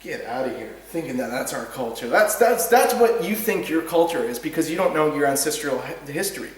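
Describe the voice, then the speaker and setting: A man's voice: fairly high pitch, lively intonation, brisk. Heated, rambling man in an echoey room. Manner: heated, rambling, repeats and restarts words, swears. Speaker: podcast host. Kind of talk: casual ranting monologue. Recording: very echoey room, distant mic.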